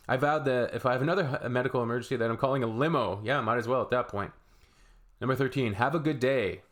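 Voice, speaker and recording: A man from Canada giving casual reaction commentary, rambling with halting restarts and blunt asides. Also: medium pitch. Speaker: reaction video creator.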